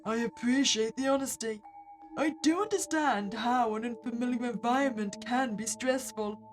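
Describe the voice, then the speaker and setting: A woman's voice: a little high, normal speed, faint music behind, lightly acted. A woman reading as a possessive male psychiatrist. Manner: calm, soothing, quietly controlling. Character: possessive, smooth-talking male psychiatrist, obsessed with patient.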